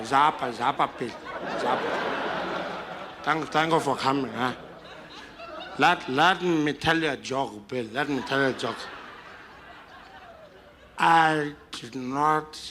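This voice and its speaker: A man's voice: fairly high pitch, background noise, natural voice. A comedian playing an elderly statesman who is drunk at his birthday party, slurring and boisterous. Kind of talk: stand-up impression.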